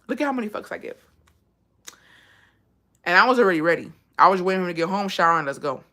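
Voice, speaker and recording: A woman's voice: lowish voice, quick pace. Blunt, profane woman. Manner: blunt, profane, animated storytelling. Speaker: vlogger giving advice. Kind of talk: casual advice chat.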